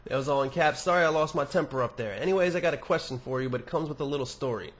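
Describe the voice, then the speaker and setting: A man's voice: mid-range voice, fairly quick. A young man hosting a podcast, reading listener emails aloud and answering them in a rambling, profane, casual monologue with many restarts.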